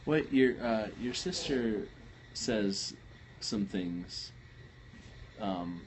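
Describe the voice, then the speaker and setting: A man's voice: fairly low pitch, lively intonation, extremely slow, a little hiss or hum, poor audio. A man co-hosting a casual live stream with his wife, chiming in with joking asides. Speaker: co-host, host's husband.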